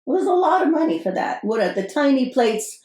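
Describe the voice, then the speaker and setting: An exasperated, fussy Brooklyn wife with a thick put-on New York accent, played by a woman. Her voice sits fairly high as she complains in animated bursts. The sound carries a roomy echo. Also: fairly quick. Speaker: podcast co-host in character. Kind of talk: improvised comedy sketch.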